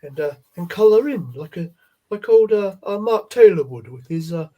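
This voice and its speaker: A man hosting a live stream, chatting gently and haltingly about toy card art, with many fillers and repeated words. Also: high-pitched, expressive, lo-fi sound.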